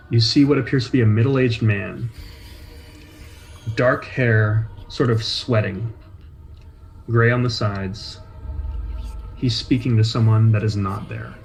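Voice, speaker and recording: A man narrating a tabletop game as game master, describing scenes in a measured, atmospheric way. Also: mid-range voice, fairly even intonation, creaky, low-quality recording. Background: faint soundtrack music.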